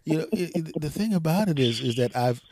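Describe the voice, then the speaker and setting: A man's voice: fairly high pitch, expressive, fairly quick, warm tone, no room sound, studio quality. A man hosting a podcast who chats casually and jokes with his guest. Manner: joking, laughs often. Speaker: podcast host. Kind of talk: casual interview chat.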